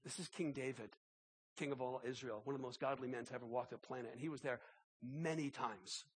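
A man preaching a sermon as pastor, impassioned and halting, often repeating words as he builds. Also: mid-range voice, slightly rough.

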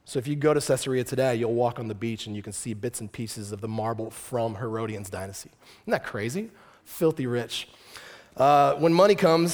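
A male pastor preaching a sermon, telling the story lively with joking asides to the congregation. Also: mid-range voice.

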